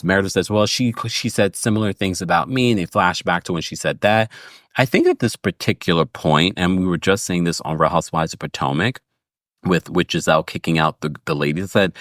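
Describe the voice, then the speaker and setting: A man's voice: sits low, no room sound, clean studio sound. A man hosting a casual reality TV recap, talking animatedly and acting out quotes in a raised voice. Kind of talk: casual commentary.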